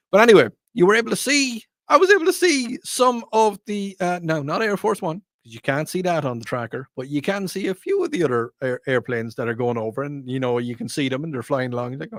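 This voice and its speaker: A man's voice: mid-range voice, a bit bright, no echo. A man with an Irish accent hosting a talk radio show, rambling and joking through a casual monologue into a studio microphone. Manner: rambling, digressive, jokey.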